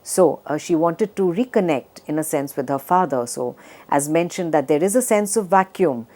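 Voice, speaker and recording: A woman literature professor giving a measured lecture on a poem, with frequent fillers and slowly read verse lines. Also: low voice, lively intonation, warm tone.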